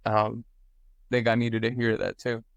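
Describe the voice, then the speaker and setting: A man speaking earnestly on a casual group call, halting with many fillers. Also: on the low side, flat delivery, gravelly, no echo. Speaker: mastermind group member.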